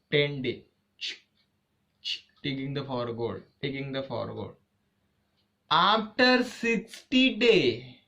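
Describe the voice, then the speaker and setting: A man telling a short story in halting, non-native English, quizzing the listener with rhetorical questions. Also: medium pitch, vocal fry, fairly bright tone. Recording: dull lo-fi recording.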